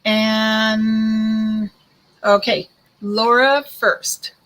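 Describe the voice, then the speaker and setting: A woman's voice: a little high, level tone, extremely slow, a bit bright, soft background music, poor audio. Chatty woman reading tarot cards. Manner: chatty, reassuring, calls viewers hun and girl. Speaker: psychic card reader. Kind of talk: live online card reading.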